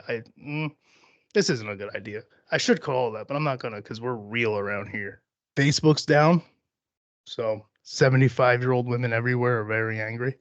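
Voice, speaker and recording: A man's voice: mid-range voice, a little fast, no room sound, dull audio. A young man hosting a solo podcast, rambling and joking with plenty of profanity. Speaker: podcast host.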